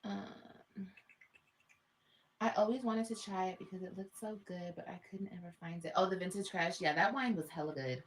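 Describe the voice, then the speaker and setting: A woman's voice: on the low side, moderate pace, a little hiss or hum. A woman talking live to her viewers, repeating herself and sinking to a near-whisper, often tearful. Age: adult. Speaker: livestream host. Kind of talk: emotional livestream talk.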